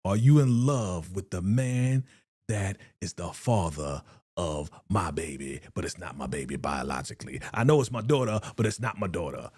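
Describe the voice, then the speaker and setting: A man's voice: on the low side, unhurried, husky, no echo, clean studio sound. A man hosting a live reaction stream in a casual, slangy way, repeating phrases and sighing often. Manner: animated, slangy, repeats phrases, frequent sighs.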